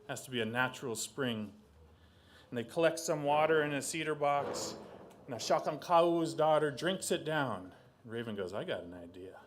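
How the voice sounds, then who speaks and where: Animated male oral storyteller. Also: on the high side, moderate pace, a little hiss or hum. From southeast Alaska. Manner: animated, uses sound effects. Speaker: storyteller and artist.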